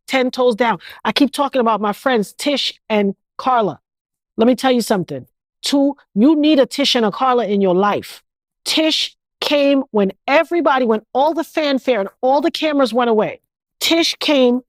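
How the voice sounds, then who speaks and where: A woman in her fifties, heard with no echo and a voice on the high side, is an interview guest. She speaks with an emphatic, repetitive, preacher-like cadence in an emotional interview.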